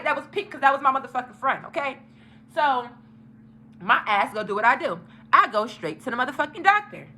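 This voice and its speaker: A young woman with a high voice tells her viewers a story straight to the camera, animated and swearing freely in a casual storytime.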